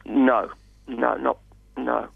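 Gravelly man on a dull dry radio line. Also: mid-range voice, little pitch movement, dry recording. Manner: measured, hesitant with many fillers. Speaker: radio guest. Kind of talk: radio interview.

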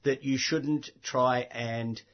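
A man's voice: mid-range voice, steady tone, slow, dull audio. A man, a horticulturist co-host, explaining plant names in casual chat and laughing easily.

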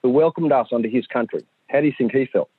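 A middle-aged man, telling a story in a lively way and acting out the voices of the people in it. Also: medium pitch, fast talker, husky, dry recording. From Central Australia. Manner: animated, acts out voices of his sons and others. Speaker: community storyteller. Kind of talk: conversational storytelling. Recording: dry tinny phone-like audio.

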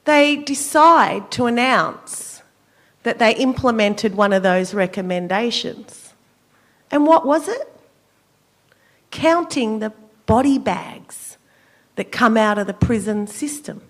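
An Australian woman, a senator, giving an impassioned political speech at a forum, measured and emphatic with a cutting, sarcastic edge. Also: on the high side, lively intonation. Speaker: senator speaking at a public forum.

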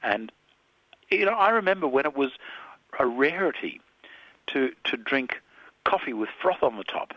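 A man's voice: medium pitch, very animated, normal speed, long pauses, dry recording, highs cut off. A man in his seventies with an Australian accent, a filmmaker answering interview questions thoughtfully, with hesitations and restarts. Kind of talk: reflective radio interview.

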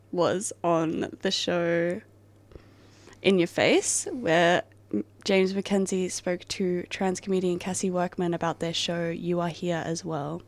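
A woman co-hosting a radio show, back-announcing and chatting in a relaxed, reactive way. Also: on the low side. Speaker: radio co-host. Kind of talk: casual radio chat.

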